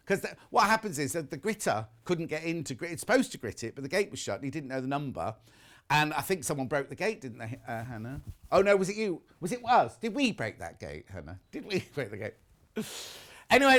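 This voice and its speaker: A man's voice: fairly high pitch, fairly bright tone. Chatty male shopping channel host. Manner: chatty, self-mocking, jokey. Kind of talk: live TV shopping chat, reading viewer messages. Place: TV studio.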